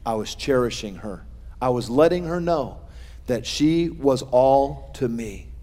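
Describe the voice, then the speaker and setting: A man's voice: medium pitch, animated, a little slow, dark tone, in a large hall. A middle-aged male pastor preaching a sermon, earnest, with folksy humor and shifting emphasis.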